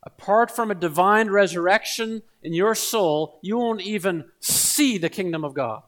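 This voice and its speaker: Guy preaching, kinda high voice, earnest, gets loud and repeats stuff. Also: unhurried. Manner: earnest, builds to emphatic repeated appeals. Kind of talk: sermon.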